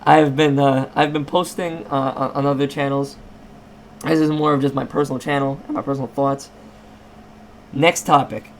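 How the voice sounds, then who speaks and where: A man's voice: medium pitch, fairly even intonation, normal speed, slight background noise. A man ranting in a casual vlog, sarcastic and rambling, with frequent restarts. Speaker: channel owner.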